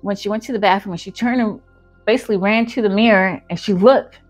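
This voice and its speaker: A woman's voice: mid-range voice, fast, faint music behind. A woman telling a storytime in a casual, chatty way, full of fillers. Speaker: channel host.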